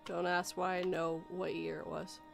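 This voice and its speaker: A woman's voice: fairly low pitch, little pitch movement, normal speed, vocal fry, soft background music. A woman hosting a casual live stream podcast, chatting with guests, teasing and laughing often. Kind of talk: casual chat.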